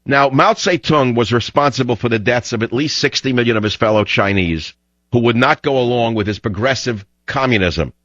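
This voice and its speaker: Fiery ranting talk radio host. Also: male voice, mid-range voice, fairly quick, fairly bright tone, no echo. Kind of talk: radio monologue. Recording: dull lo-fi radio audio.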